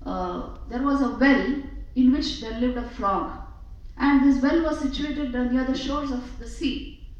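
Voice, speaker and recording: A woman giving a spiritual talk, measured and emphatic, repeating phrases for effect as she tells a story. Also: sits high. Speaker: spiritual speaker. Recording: echoey hall from a distant, dull mic.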